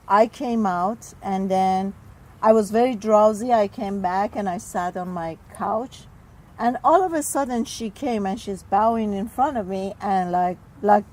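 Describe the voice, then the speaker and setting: Woman healer, expressive storyteller, mid-range voice. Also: medium pitch, low-quality recording. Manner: expressive, acts out quoted speech, frequent "like". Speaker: spiritual healer guest. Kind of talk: personal storytelling in an interview.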